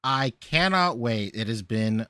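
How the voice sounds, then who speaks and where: Animated, laughing podcast host. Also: male voice, medium pitch, measured pace, crowd noise. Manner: laughs often, storytelling, repeats phrases. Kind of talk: casual podcast chat.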